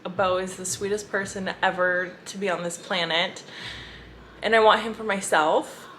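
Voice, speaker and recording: A woman's voice: medium pitch, moderate pace, slight background noise. A young woman chatting casually on her book vlog, gushing and telling stories to her viewers. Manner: gushing, animated storytelling to viewers. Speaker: book vlogger.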